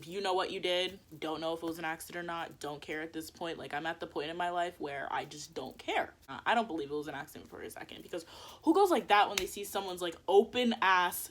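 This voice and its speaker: A woman's voice: fairly low pitch, a little hiss or hum. A young adult woman telling a story in a casual vlog, chatty and emphatic, saying "like" constantly. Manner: chatty, emphatic, heavy use of "like". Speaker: vlogger.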